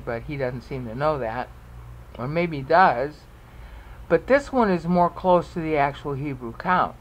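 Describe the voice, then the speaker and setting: A man's voice: a little high, slight background noise, rough recording. A man presenting a Bible study video lecture, explaining step by step and often checking in with the listener.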